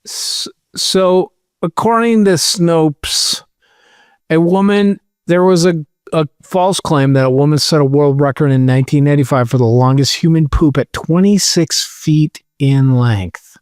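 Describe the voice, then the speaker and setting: A young man co-hosting a podcast, reading out odd facts and adding deadpan jokes. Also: a little high, measured pace, smooth, no echo, clean studio sound. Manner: reads facts aloud, deadpan asides. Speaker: podcast co-host. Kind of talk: casual comedic chat.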